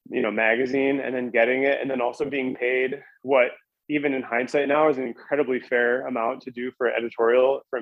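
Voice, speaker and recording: A man's voice: medium pitch, no room sound, lo-fi sound. A man casually telling a long story as a podcast guest, rambling with lots of "like" and restarts.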